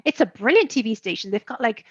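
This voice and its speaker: A woman's voice: a little high, fast talker, slightly rough, no echo, lo-fi sound. A woman with an Irish accent from Waterford, an author chatting animatedly in a casual interview. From Ireland. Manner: animated, chatty, swears and laughs. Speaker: author guest.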